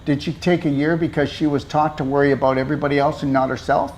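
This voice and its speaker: A man's voice: on the high side, steady tone, fast, darkish tone, a little hiss or hum. Blunt, preachy man talking health. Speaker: host. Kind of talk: casual health talk.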